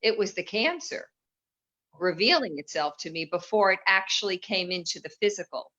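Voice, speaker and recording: A woman speaking as a guest in a spiritual conversation, earnest, unhurried and encouraging, heard over a video call. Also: medium pitch, lively intonation, pushed and bright. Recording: dull lo-fi video call audio.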